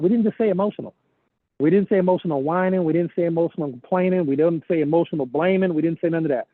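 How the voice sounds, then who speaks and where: A man's voice: a little high, dry recording. Preachy man on a tinny phone line. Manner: preachy, repeats phrases for emphasis. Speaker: network marketing team leader. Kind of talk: motivational leadership training call. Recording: phone-line call audio, dry.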